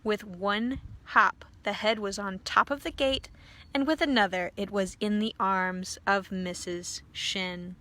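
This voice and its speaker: Woman pastor, storybook read-aloud, slow and unhurried, bright clear voice. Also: mid-range voice, fairly even intonation. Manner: gentle asides to a child. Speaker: pastor reading to children.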